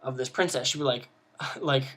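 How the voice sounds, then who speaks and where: A man talks through tabletop game master advice in a casual video lesson. He rambles, restarts his sentences and leans on fillers, at a middling pitch. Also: normal speed, a bit bright.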